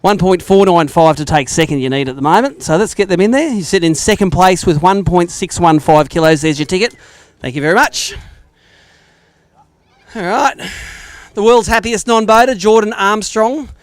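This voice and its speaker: A high-voiced Australian man runs a live fishing weigh-in, chatty and joking as he banters with each angler. His voice is clean and clear, and the sound is dry and close with no room echo. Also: moderate pace. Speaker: tournament weigh-in host. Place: outdoor lakeside weigh-in stage.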